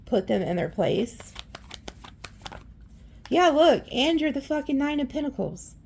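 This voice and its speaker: Woman tarot reader, casual and blunt, raspy with vocal fry; rambles and curses freely. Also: a little high, a little mellow. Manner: chatty and blunt, swears freely; rambling, with frequent restarts.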